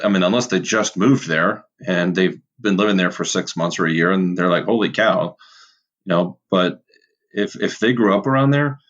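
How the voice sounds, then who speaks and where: Low-voiced man on a muffled podcast line. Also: a bit bright. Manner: chatty, restarts sentences, acts out customer exchanges. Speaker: auto repair shop owner, podcast guest. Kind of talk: casual podcast conversation.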